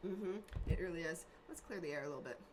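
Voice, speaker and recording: Woman, casual podcast chat, rambling, laughs a lot, tarot reader, clear background noise. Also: on the low side, fast. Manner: rambling, laughs often, self-deprecating. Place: lives in a trailer park.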